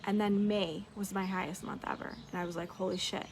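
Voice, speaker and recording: A woman's voice: medium pitch, level tone, fairly quick, a little mellow, slight background noise. A woman business coach giving a casual, upbeat motivational talk, swearing freely and talking straight to her listeners.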